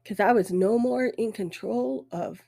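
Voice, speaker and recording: A middle-aged woman hosting a podcast, telling her own story in a halting, emotional way, her voice thick with tears. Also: mid-range voice, creaky, dark tone. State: weepy. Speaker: podcast host. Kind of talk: personal storytelling.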